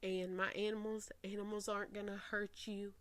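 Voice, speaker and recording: A woman in her twenties speaking slowly and earnestly to camera, her voice close to breaking as she holds back tears. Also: mid-range voice, little pitch movement, dry recording. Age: 20s. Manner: slow, earnest, voice near breaking. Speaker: faith podcast host. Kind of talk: personal reflective talk to camera. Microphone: facing camera.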